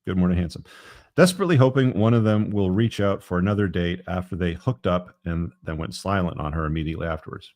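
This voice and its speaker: Deep voiced guy hosting a live podcast, reading his book out loud, wry and rambling. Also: fast talker, few pauses, no echo. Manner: wry, tongue-in-cheek, rambling asides with fillers. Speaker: podcast host.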